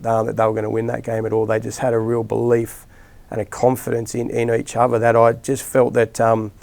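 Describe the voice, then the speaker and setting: A middle-aged Australian rugby league coach rambles through stories in a casual interview, full of restarts and fillers. His voice is medium-pitched, monotone, gravelly and darkish, and he talks briskly.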